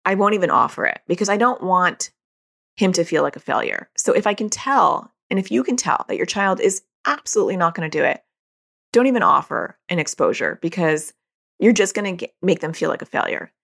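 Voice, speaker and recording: Low, gravelly-voiced woman host. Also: sing-song, brisk, fairly bright tone. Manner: conversational, acts out dialogue in quoted voices. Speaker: podcast host; parent. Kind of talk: casual explanatory talk.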